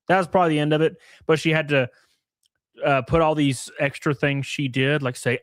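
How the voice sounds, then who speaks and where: A man's voice: fairly high pitch, very animated, fairly quick, dry recording, studio quality. A man hosting a live stream, reacting to a clip with sarcastic, profane mockery. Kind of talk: casual live stream commentary.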